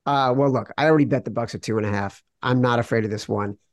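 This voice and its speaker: A man's voice: medium pitch, fast talker, dry recording. A man co-hosting a sports betting podcast, arguing his picks in a wry, insistent way. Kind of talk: casual sports betting debate.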